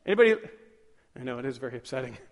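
A male pastor preaching a sermon, lively and chuckling as he asks the congregation questions. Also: medium pitch, rapid-fire. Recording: long hall reverb.

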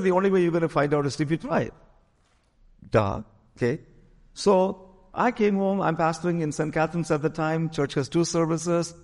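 A man's voice: on the high side, big-room sound. A pastor telling a story in a sermon, acting out the voices of the people he quotes.

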